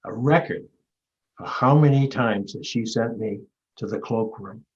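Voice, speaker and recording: Over a muffled video-call recording, a man in his seventies from Maine, honored with an award, leads a reflective talk and discussion. His medium-pitched, slightly mellow voice moves a little slowly as he rambles through stories and frequently starts over.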